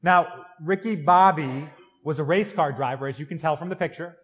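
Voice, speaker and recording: A man's voice: on the high side, moderate pace, a bit bright, faint music behind. An American man, a priest, giving a conversational Christmas Eve sermon in a church, joking with the congregation. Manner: conversational and joking, with tag questions.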